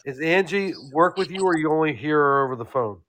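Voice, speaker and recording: A man's voice: a little high, animated, fairly quick, a bit bright. A man co-hosting a podcast by phone from his couch, dry and profane in casual banter. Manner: dry, profane, talks over his partner. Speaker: podcast co-host. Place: on a couch at home. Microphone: phone on his chest.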